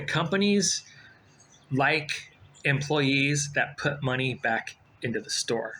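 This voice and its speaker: A man in his forties talking casually to camera, giving job-hunting advice in a rambling, low-key way with frequent fillers and restarts. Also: slow pace, sharp tone, a little hiss or hum, low-quality recording. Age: 40s.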